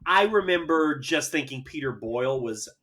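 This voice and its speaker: Eager guy guesting on a podcast, bright voice, mid pitch. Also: expressive, normal speed. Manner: eager, earnest movie fan. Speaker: podcast guest arguing as defense. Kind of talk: casual podcast chat.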